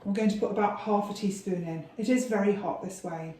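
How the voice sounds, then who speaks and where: A woman's voice: mid-range voice, brisk, mellow, very echoey, recorded from a distance, a little hiss or hum, low-quality recording. Patient woman coaching from off-mic. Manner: patient, coaxing. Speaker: guides the cook through the recipe. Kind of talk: casual instructions while cooking. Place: home kitchen.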